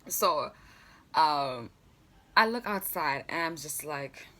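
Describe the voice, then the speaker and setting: Lively low-voiced young woman vlogger. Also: takes it slowly. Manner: chatty, laughs often, many fillers. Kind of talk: casual storytime vlog.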